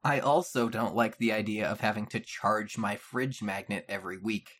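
A man's voice: lowish voice, steady tone, normal speed, fairly bright tone. A man co-hosting a casual podcast, making dry, skeptical comments about the product. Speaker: podcast co-host.

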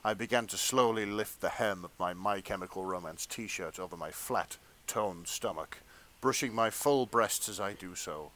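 A man's voice: sits low, normal speed, fairly bright tone, a little hiss or hum. A male podcast co-host doing a comedic dramatic reading of fanfiction, often breaking into laughter.

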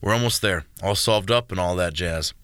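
A man narrating a storybook, voicing a male detective who talks in a brisk, matter-of-fact way. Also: deep voice, a bit bright, no room sound.

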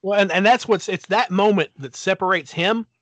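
A male co-host joining in the chat with eager, joking remarks. His voice sits a little higher than most men's. The recording is close and dry. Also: a little fast, a bit bright, no echo. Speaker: podcast co-host. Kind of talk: casual podcast chat.

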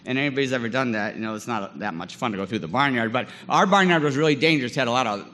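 A man in his forties telling a lively story in a sermon, acting out scenes with many fillers. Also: medium pitch, rapid-fire, in a large hall. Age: 40s. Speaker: guest chapel speaker.

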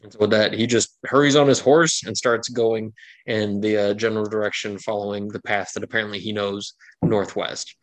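A man's voice: fairly low pitch, fairly even intonation, moderate pace. A man narrating as game master of a tabletop game, rambling loosely with fillers.

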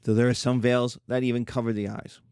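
A middle-aged man teaching a classroom lecture in an emphatic, animated way, slipping into playful mock voices. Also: medium pitch, a little fast, clear, resonant tone, dry recording, clean studio sound. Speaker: history teacher.

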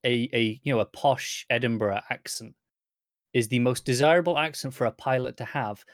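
A man in relaxed podcast conversation who keeps agreeing with his co-host. His pitch sits in an ordinary middle range. The recording is dry and close. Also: moderate pace, no echo. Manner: agreeable, frequent "yeah" backchannels. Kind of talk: casual chat.

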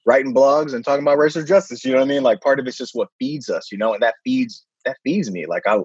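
A middle-aged-sounding man speaks with a husky, slightly breathy voice and an emphatic, animated rhythm, leaning on "man" and "right?" as he builds his points. He sounds close and dry, as if on a remote call with a dull, lo-fi sound. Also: mid-range voice, fast, no room sound. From San Francisco. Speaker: guest, middle school principal. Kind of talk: casual conversational interview.

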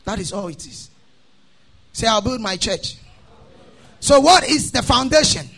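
A man preaching a sermon, chanting his lines in a sing-song cadence, calling the congregation to repeat after him, then dropping into a quieter teaching tone. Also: very high voice, lively intonation, measured pace, gravelly. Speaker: pastor.

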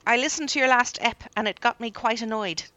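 A woman's voice: a little high, brisk, sharp tone, highs cut off. A woman co-hosting a casual podcast chat, reading listener emails aloud with teasing asides and frequent laughs.

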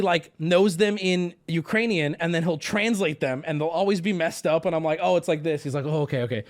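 A man streamer telling a story to his chat in a casual, animated way, swearing freely and using lots of fillers. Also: fairly high pitch.

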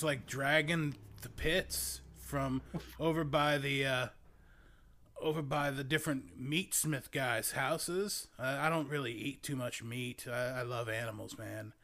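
A man's voice: mid-range voice, sharp tone. A man voicing a laid-back, rambling young male druid who drawls and fills every sentence with "like" and "man". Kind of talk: tabletop role-play character voice.

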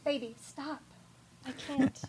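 A woman's voice: sits high, fairly even intonation, takes it slowly, very noisy. A woman in casual chat, giggling often as she breaks off to talk to her pet. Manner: giggly, talks to her pet between lines.

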